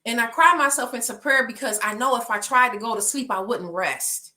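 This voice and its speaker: A woman's voice: fairly high pitch, a little fast, sharp tone. A woman life coach giving a heartfelt, emotional testimony on a podcast, rising to passionate pleading.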